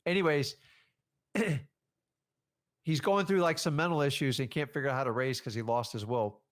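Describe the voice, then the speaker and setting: A man's voice: mid-range voice, normal speed. A man giving a casual coaching talk as a real estate trainer, acting out conversations with sellers. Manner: animated, acts out seller conversations.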